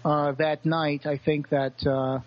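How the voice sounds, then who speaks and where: A man co-hosting a podcast in casual book talk, halting and repeating words as he thinks. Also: on the high side, little pitch movement, lo-fi sound. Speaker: podcast co-host.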